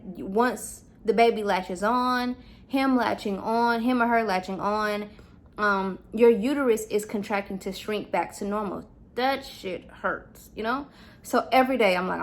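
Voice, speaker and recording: A young adult woman vlogging about her experience as a new mom, talking casually and candidly with many fillers. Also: fairly high pitch. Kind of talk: casual personal storytelling.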